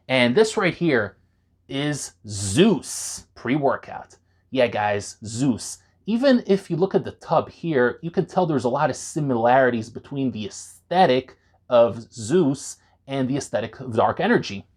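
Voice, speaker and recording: A man talking straight to camera in an animated, conversational way, reviewing pre-workout supplements for his viewers. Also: mid-range voice, measured pace. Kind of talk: enthusiastic product review vlog.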